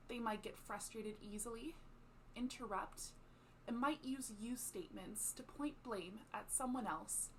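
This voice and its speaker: Woman explaining psychology calmly. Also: fairly high pitch, slight background noise. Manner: calm, explanatory. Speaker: psychology educator. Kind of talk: scripted educational narration.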